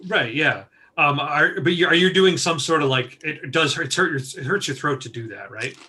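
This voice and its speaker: A man's voice: on the high side, normal speed, bright, forceful tone, breathy edge. A man hosting a casual group video chat, asking questions and laughing easily. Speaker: improv show host.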